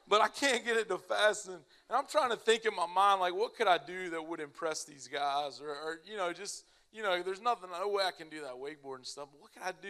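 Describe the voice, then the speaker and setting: A young man with a slightly high voice tells a funny story to a live audience. He keeps it animated and casual, laughing at his own jokes as he goes. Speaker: speaker at a church family event.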